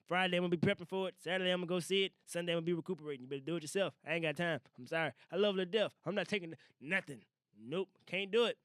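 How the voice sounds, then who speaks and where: A young man hosting a casual solo podcast, talking loosely with profane slang and animated asides. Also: on the high side, smooth, no echo, studio quality. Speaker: podcast host. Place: small recording room. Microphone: studio mic.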